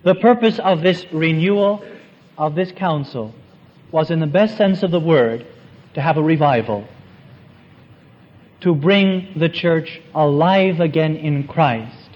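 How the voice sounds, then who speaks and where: A man with a slightly raised voice delivers a formal church address, earnest and measured, setting out each point in short phrases. The recording is muffled, with a lo-fi dullness. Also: a little high. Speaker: Catholic speaker. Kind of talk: formal talk on church renewal.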